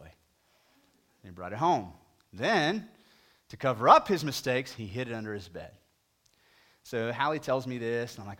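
A man preaching a sermon as a story, talking with the congregation and moving between loud emphasis and a soft hush. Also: medium pitch. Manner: conversational, asks the congregation questions. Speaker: pastor.

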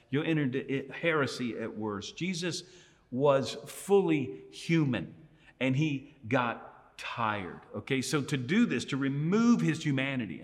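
Man, pastor, preaching a sermon, mid-pitched voice, earnest, repeats key phrases, long reverb. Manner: earnest, repeats key phrases, shifts between soft and emphatic. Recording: long reverb in a large room.

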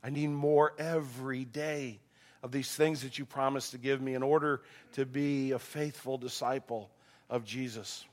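A middle-aged man preaching a sermon, his voice a bit strained, animated and acting out quoted voices. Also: mid-range voice, moderate pace. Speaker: pastor.

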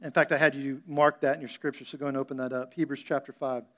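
A man's voice: medium pitch, little pitch movement, fast talker, fairly bright tone. A male pastor preaching a sermon in a conversational style, acting out scenes. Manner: conversational preaching, acts out Bible scenes with playful voices.

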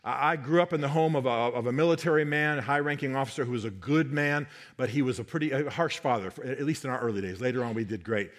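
A man's voice: medium pitch, fast talker, few pauses. A man preaching a sermon, emphatic, often repeating key phrases for effect. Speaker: pastor.

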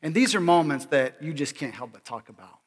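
A male pastor giving a sermon in an animated, joking way, often checking in with the congregation. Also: a little high, brisk, in a large hall. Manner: animated and joking, keeps asking "all right?".

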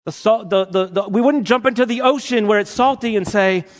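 A man preaching a sermon to his congregation in an animated, playful way, asking them rhetorical questions. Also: sits high, fairly quick. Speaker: pastor. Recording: long hall reverb.

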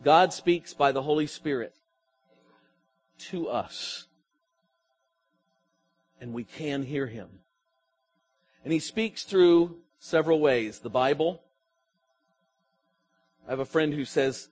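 A man's voice: fairly high pitch, expressive, takes it slowly, long pauses, breathy edge, faint music behind. A man preaching a sermon as pastor, his emphasis swelling and falling as he asks the congregation questions.

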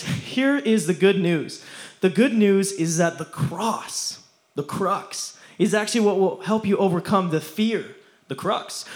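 A young man preaching a casual youth sermon, slangy and playful, often laughing as he talks. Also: sits high.

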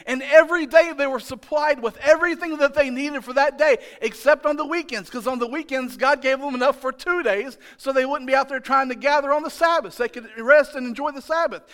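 A man preaching a sermon as pastor, animated and joking, building to loud emphatic shouts. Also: very high voice, brisk, hardly any pauses. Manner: animated, joking, playfully exasperated.

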